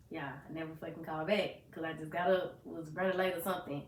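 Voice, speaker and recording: A woman's voice: on the low side, fast, slight background noise. A young woman from Arkansas, casually and animatedly retelling a painful story to her co-host and acting out what people said. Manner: animated retelling, acts out quoted voices, swears freely. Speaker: podcast co-host. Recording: roomy echo.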